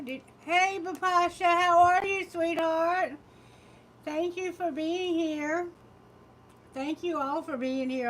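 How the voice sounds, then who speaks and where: Southern american woman, tarot reader, high voice, unhurried chatty delivery, faint background noise, phone mic. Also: low-quality recording. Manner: chatty, laughs often, greets viewers warmly. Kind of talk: live-stream chat with viewers.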